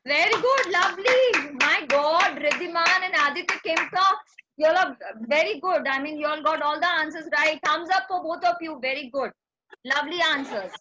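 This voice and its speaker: A woman's voice: high voice, normal speed, sharp tone, lo-fi sound. A woman with an Indian English accent teaching an online class, coaxing and drilling words by repeating them. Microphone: video call.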